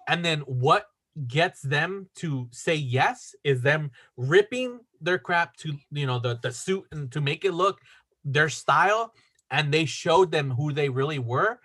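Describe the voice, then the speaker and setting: A man's voice: a little high, expressive, unhurried, a bit bright, breathy edge. A man casually recapping a movie on a podcast, rambling with lots of fillers. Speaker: podcast co-host.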